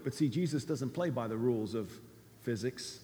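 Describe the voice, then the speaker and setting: A man preaching a sermon as a pastor, swinging between loud cries and low, quiet lines. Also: moderate pace. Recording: long hall reverb.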